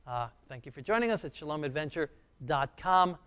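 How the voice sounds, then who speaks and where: A man teaching a beginner Hebrew lesson, speaking slowly and patiently and repeating each sound and word for learners. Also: on the high side, lively intonation, fairly bright tone, clear, resonant tone.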